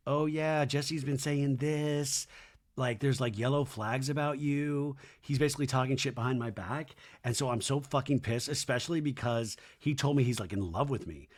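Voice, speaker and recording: A man hosting a podcast, recapping a reality show with sarcastic, crude jokes and high-pitched mocking impressions of the cast. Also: moderate pace. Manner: animated, jumps into high mocking voices when quoting people. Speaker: podcast host.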